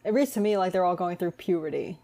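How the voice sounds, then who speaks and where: A woman's voice: lowish voice, quick pace, mellow. A woman hosting a book podcast, chatting casually and summarizing the plot, with many "like"s and "um"s. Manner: chatty, uses fillers like "like" and "um". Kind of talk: casual chat.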